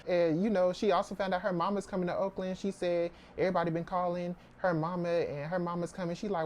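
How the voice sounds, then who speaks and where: A man casually recapping a novel's plot in a chatty, animated way. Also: a little high, a little fast, hardly any pauses, a little hiss or hum. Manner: chatty, animated retelling with quoted voices. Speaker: book reviewer. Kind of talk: casual book summary.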